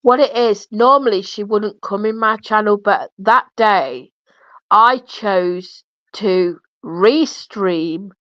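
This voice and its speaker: A woman's voice: medium pitch, slow pace, fairly bright tone, no room sound. A woman hosting a livestream who is losing her voice, earnestly explaining at length. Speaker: livestream host. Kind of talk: livestream chat. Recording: muffled lo-fi stream audio.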